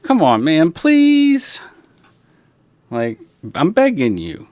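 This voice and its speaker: A man voicing a pushy, excitable pet dog. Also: a little high, drawn-out words, dry recording, voice pushed up, heavily acted. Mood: begging. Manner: demanding, pleading.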